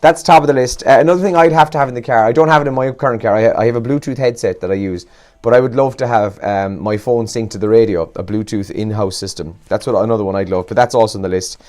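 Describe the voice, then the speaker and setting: A man's voice: medium pitch, fast, a little mellow. A young Irish man hosting a morning radio show, chatting casually and rambling a bit, sounding tired and yawning. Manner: chatty, rambling and self-deprecating.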